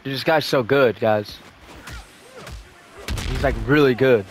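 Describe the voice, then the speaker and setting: A young man giving live, excitable commentary over his own gameplay, swearing and shouting at sudden plays. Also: medium pitch, takes it slowly, soft background music. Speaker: gaming YouTuber.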